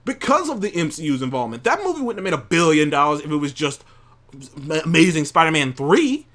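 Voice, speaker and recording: A man's voice: fairly high pitch, very animated, fairly quick, a bit bright. A man hosting a show, ranting angrily and profanely into a studio mic, with many restarts. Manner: angry, profane, rambling with restarts. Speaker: show host. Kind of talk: heated opinion rant.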